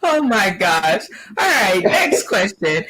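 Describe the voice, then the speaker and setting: Woman host, comedy panel, slow delivery, animated pitch, quick exclamations. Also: low-quality recording. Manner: laughing, exclaiming reactions. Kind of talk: quiz-style show hosting.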